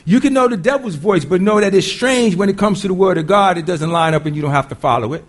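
A man's voice: sits high, fast talker. A man preaching a sermon in a conversational way, quizzing the congregation and often repeating his words.

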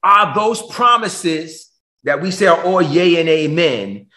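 A male pastor preaching over a video call in a slow, deliberate sermon that swings from loud, shouted questions to hushed, emotional lows. His voice is fairly high for a man and very lively in pitch. The room around him rings with echo. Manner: emotional, rising to shouts and dropping low.

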